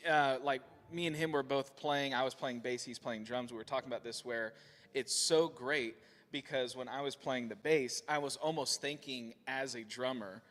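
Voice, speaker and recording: A man's voice: medium pitch, a bit bright, big-room sound. A man who plays drums, answering a question earnestly in casual chat with fillers. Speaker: drummer and music teacher. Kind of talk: casual live-stream answer.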